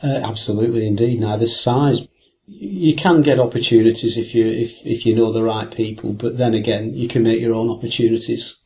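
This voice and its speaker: Here an older fisherman reminisces about fishing in a rambling, reflective interview, stumbling through hesitations and restarts. His mid-range voice moves at a brisk clip and carries a slightly mellow quality.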